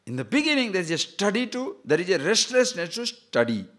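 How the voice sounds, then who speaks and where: A man's voice: high-pitched, fairly quick. A man giving a spiritual discourse, telling jokes and short stories, repeating phrases and asking listeners questions. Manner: lively, repetitive, jokes and chuckles, asks listeners questions. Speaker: spiritual teacher.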